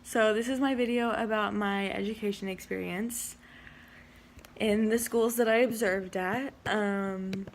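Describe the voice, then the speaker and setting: A woman's voice: medium pitch, fairly even intonation, measured pace, a little hiss or hum. A young woman, an education student, casually telling a story in a vlog, chatty and giggly, saying "like" often. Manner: chatty, heavy use of "like", giggly.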